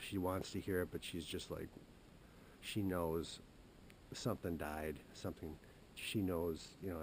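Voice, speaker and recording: Low-voiced man rambling through a story. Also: a little hiss or hum. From Wisconsin. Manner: rambling and halting, many restarts. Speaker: hunting show host. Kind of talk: casual storytelling. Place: outdoors in the woods.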